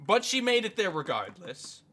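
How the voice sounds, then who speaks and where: A man's voice: high-pitched, very animated, normal speed, sharp tone. A man co-hosting a podcast, chatting casually and laughing often, with lots of "like" fillers. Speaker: podcast co-host. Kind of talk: casual chat.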